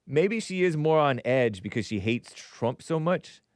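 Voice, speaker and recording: A man's voice: on the high side, animated, measured pace, dry recording, clean studio sound. A man hosting a casual livestream show, reading viewer messages aloud and answering them in a chatty way, laughing often and muttering asides under his breath.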